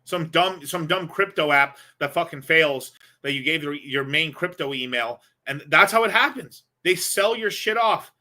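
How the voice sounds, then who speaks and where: A male host rambles through viewer questions in a casual livestream with a bright, forceful voice. He talks bluntly, swears often and pitches a bit on the high side. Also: moderate pace, few pauses.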